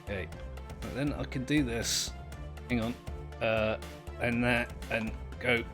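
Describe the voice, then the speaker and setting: A man's voice: medium pitch, fairly even intonation, slow, music in the background. A man, commentating his own game play in a rambling, self-mocking, easily amused way. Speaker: gameplay commentator.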